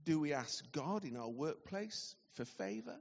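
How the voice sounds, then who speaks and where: A man giving a sermon, telling a story with lively acted-out dialogue. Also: on the high side, measured pace. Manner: animated storytelling, acting out dialogue. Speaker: preacher. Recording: dull recording in a large reverberant hall.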